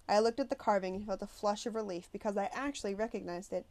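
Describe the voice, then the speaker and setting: A woman reading a novel aloud as first-person narration, with a lively storytelling delivery. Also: medium pitch, quick pace, few pauses. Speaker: audiobook reader.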